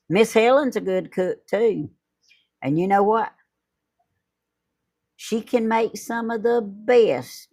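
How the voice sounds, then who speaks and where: Low-voiced woman, chatty. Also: dark tone. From Georgia. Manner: chatty, laughs often. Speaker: YouTube host. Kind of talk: casual chat.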